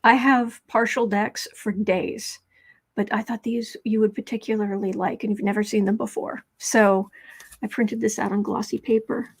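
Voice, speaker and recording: A woman from the US hosts a relaxed tarot stream from a room at home, rambling on and turning now and then to speak to her cat. Her medium-pitched, slightly rough voice comes across flat at a moderate pace, recorded on a fixed mic off to one side.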